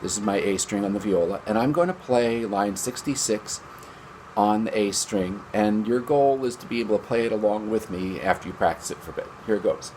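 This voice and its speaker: A man's voice: lowish voice, fairly quick, a little mellow, slight background noise. A man teaching a string lesson from his basement, upbeat and chatty, counting beats aloud. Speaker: music teacher. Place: home basement.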